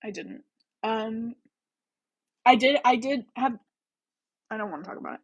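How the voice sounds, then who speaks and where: Husky, chatty woman hosting a live. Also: a little high, normal speed, pauses often, rough recording. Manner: chatty, rambling, lots of "like" and "um"; giggly, self-deprecating. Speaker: host of a book-chat livestream. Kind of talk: casual livestream chat.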